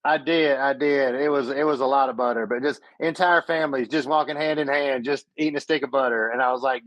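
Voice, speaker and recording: A man's voice: mid-range voice, steady tone, brisk, hardly any pauses, a bit bright, no echo, poor audio. A man from western Georgia, telling stories as a podcast co-host in casual chat. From western Georgia, USA.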